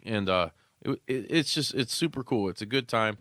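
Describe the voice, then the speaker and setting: A man co-hosting a wrestling podcast in a studio, chatting casually, rambling and cursing freely, now and then breaking into loud goofy shouts. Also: medium pitch, lively intonation, normal speed, no room sound. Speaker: podcast co-host. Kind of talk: casual chat.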